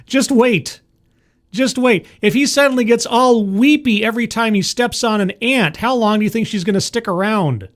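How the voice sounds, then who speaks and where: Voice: medium pitch, normal speed. A streamer doing sarcastic, exasperated commentary on a video during a live stream.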